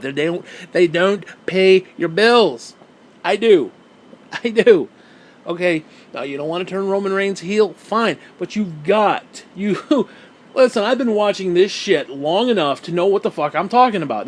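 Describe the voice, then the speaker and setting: A man ranting as a wrestling fan, heated, sarcastic and full of swearing. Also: high-pitched. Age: adult who watched wrestling since the 1980s. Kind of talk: profane rant.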